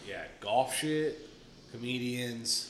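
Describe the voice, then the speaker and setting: A man's voice: medium pitch, takes it slowly, very noisy. A man co-hosting a podcast, profane and incredulous, rambling in casual banter. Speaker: podcast co-host.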